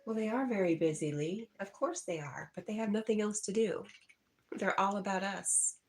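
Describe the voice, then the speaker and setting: A woman's voice: mid-range voice, moderate pace, a little mellow. A woman in her sixties hosting a livestream, reading out viewer comments and greeting people by name with chuckles. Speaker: livestream host.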